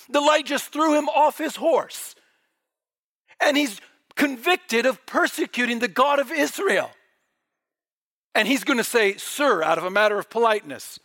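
A male preacher delivering a dramatic sermon, dropping to near-whispers and then surging with fervor. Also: very high voice. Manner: dramatic, swings from quiet whispers to fervent bursts.

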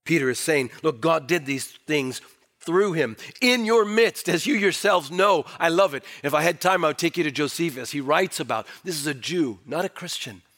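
A male pastor preaching a sermon, swinging from emphatic declarations to hushed, low asides. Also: animated, normal speed.

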